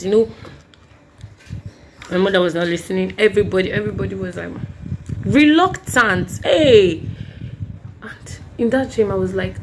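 Woman, sore throat, mid pitch; rambling, earnest faith talk over faint noise. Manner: rambling, restarts often, earnest. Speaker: Christian vlogger. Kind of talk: recounting a dream, preaching.

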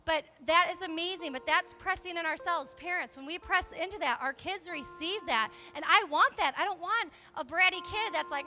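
A young woman, a pastor's wife, preaching a charismatic sermon in church, exhorting fervently and swinging between loud calls and hushed confessions. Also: very high-pitched, brisk, soft background music. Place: church sanctuary.

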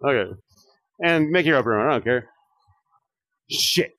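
A man's voice: medium pitch, lively intonation, measured pace, pushed and bright, no echo, studio quality. A man streaming a virtual reality shooter, rambling and joking with viewers and swearing often. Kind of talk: casual live-stream commentary.

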